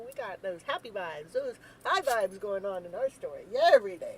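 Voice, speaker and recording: A woman hosting a live tarot reading stream, chatting casually, joking and breaking into whooping cheers, then dropping to soft murmurs. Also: medium pitch, very animated, normal speed, slight background noise, poor audio. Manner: talks softly while eating, then bursts out loud. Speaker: live tarot reader and show host.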